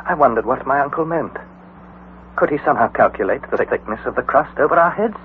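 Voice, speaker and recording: An actor playing an excitable young male explorer who also narrates the story, measured in narration and alarmed in the scenes. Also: mid-range voice, lightly acted. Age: young adult. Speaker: narrator and nephew. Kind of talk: 1940s radio acting. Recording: tinny old radio broadcast, faint hiss.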